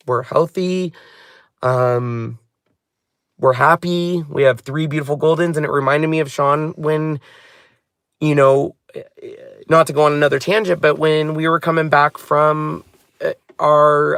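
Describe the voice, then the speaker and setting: A man's voice: on the high side, fairly bright tone, clean tone, no room sound, studio quality. A man hosting a craft channel, chatting casually and heartfeltly from inside a car, often drifting off on tangents. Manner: rambling, heartfelt, wanders off on tangents. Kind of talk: casual vlog chat.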